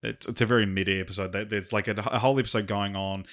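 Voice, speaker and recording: A man's voice: on the low side, fairly even intonation, quick pace, fairly bright tone. A man co-hosting a podcast, retelling a story in casual chat with many false starts. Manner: rambling storyteller with many restarts. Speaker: podcast co-host.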